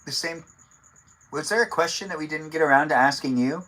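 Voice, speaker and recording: A man's voice: a little high, brisk, sharp tone, rough recording. A man hosting a casual live stream, playful and curious, asking his guests lots of follow-up questions. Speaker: livestream host.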